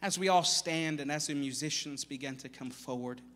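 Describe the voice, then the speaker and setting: A male pastor preaching a dramatic sermon, moving between hushed lines and loud ones. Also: a little high, moderate pace, long reverb tail. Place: church sanctuary.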